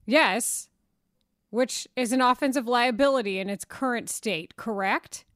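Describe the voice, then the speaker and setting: A woman co-hosting sports talk radio in a studio, lively and questioning. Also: fairly high pitch, measured pace, no room sound. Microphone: studio mic.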